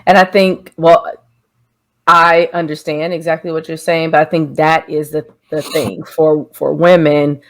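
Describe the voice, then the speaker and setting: A woman co-hosting a relationship podcast in casual chat, thinking out loud with quick asides and short affirming replies. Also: low voice, level tone. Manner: reflective, quick asides, lots of affirming "mm-hmm". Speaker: podcast co-host.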